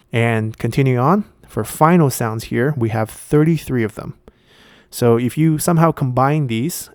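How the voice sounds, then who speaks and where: A man's voice: medium pitch, a little mellow, no room sound, studio quality. A man hosting an explanatory video lesson, explaining patiently and step by step with frequent filler sounds. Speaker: video essay host.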